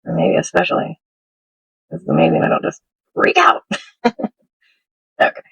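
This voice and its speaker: Gravelly, husky middle-aged woman chatting. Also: lowish voice, wildly swooping pitch, moderate pace, low-quality recording. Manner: chatty and rambling, with soft laughs. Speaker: craft video host. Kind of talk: casual craft-with-me chat. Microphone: smartphone.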